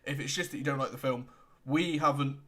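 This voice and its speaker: A young man with a British accent, co-hosting a casual podcast, relaxed and laughing often as he retells customer exchanges. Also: mid-range voice, a little fast. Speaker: podcast co-host. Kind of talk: casual chat.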